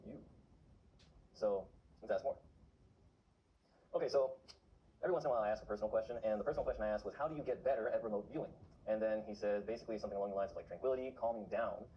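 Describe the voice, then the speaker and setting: A man's voice: lowish voice, rapid-fire, dull audio, slight background noise. A man talking to camera in a casual vlog, urgently exhorting his viewers. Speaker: vlogger on remote viewing.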